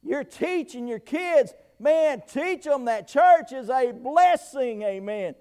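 A middle-aged man preaching a sermon, full of amens, stammered restarts and sudden shouts, pausing short of breath. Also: extremely high pitch, lively intonation, clean tone. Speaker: pastor.

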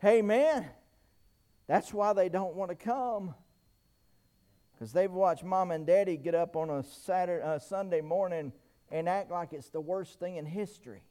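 High-voiced preacher man. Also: unhurried. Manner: impassioned preaching with frequent amens, stammered restarts and shouted quoted voices. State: short of breath, pausing. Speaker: pastor. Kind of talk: sermon.

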